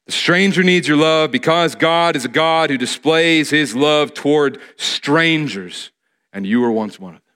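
A man's voice: a little high, measured pace, a bit bright, clear, resonant tone. Earnest male preacher. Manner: earnest, repeats key phrases for emphasis. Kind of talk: sermon.

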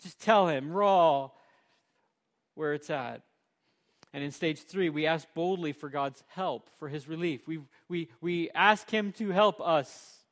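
A male pastor with a high voice delivers a sermon. He is emphatic, swinging from loud, punchy lines to quiet, low ones. He slows right down to lean on key words.

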